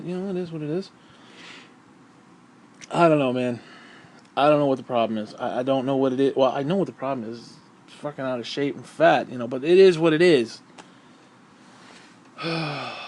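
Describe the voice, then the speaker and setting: A man's voice: fairly high pitch, a little mellow, slight background noise. A man talking through a profane, rambling vlog monologue, short of breath and sighing often. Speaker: vlogger.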